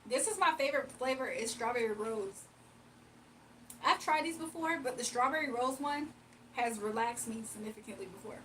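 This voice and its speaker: A young woman hosts a casual livestream, playfully chatting with viewers, reading their comments aloud and laughing often. Her voice is fairly high and a bit bright, at a moderate pace. The recording is low quality, with slight background noise.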